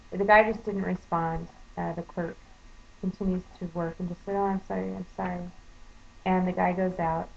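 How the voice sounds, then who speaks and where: Brief: low-voiced woman, earnest storyteller, dull lo-fi home video sound. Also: a little mellow. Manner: earnest, indignant. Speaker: vlogger. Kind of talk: casual storytelling monologue. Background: faint storm noise.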